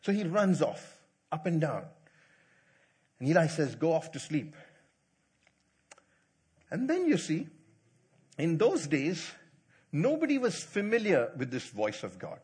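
A man preaching a sermon in a church, telling stories and acting out the people in them, swinging from loud to hushed. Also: fairly high pitch, a little slow, pauses often, slightly rough. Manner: animated storytelling, acts out quotes, swings loud to hushed. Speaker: pastor.

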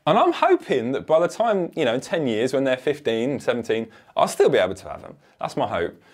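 A man's voice: medium pitch, big pitch swings, fairly quick. A man preaching a sermon in an earnest, emphatic way.

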